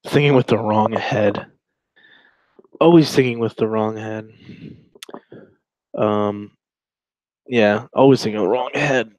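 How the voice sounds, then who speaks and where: A man's voice: fairly low pitch, slow, long pauses, darkish tone, dry recording, rough recording. A man co-hosting a casual podcast, rambling and crude as he reacts to chat logs, often trailing off and restarting. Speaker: podcast co-host.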